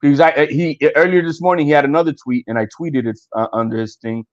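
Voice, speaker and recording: A man's voice: fairly high pitch, fast talker, no echo, dull audio. A man talking boxing on a casual podcast, stammering and repeating words, with some swearing.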